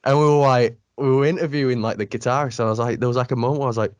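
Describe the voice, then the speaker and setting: A man co-hosting a podcast, excitedly rambling about meeting his favorite reviewers. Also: mid-range voice, racing, no room sound. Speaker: podcast co-host. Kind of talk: casual interview chat.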